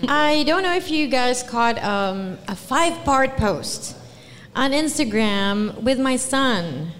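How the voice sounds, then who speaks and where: Filipino woman, high voice, live hall reverb. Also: slow. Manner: animated, laughing, mixes in Tagalog phrases. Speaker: podcast co-host. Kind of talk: live podcast chat. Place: live show venue. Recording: long reverb of a live venue.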